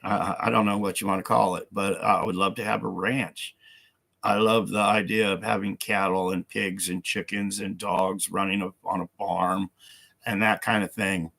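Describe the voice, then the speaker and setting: Low gravelly guy rambling on his home livestream, lots of ums. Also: level tone, moderate pace, sharp tone. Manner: rambling, repetitive, filler-heavy. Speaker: livestream host. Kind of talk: casual livestream chat.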